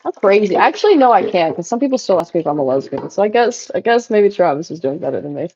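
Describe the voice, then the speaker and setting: A young woman livestreaming, telling stories in casual chat and jumping into high-pitched voices when she quotes people. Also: sing-song, fast talker, dark tone, slightly rough, no room sound, lo-fi sound. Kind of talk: casual live-stream chat. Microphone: phone.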